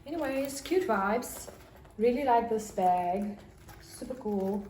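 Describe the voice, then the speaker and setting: A young South African fashion vlogger with a South African accent gushes over her haul in a casual video, bursting into excited squeals. Her voice is a little high and she takes it slowly, recorded in an echoey room with faint noise.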